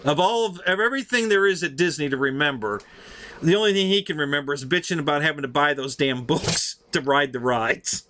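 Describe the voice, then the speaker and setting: A man in his fifties hosting a live stream, telling stories in a chatty, animated, profane way. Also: on the high side, a little fast, a little hiss or hum. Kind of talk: casual storytelling on a live stream.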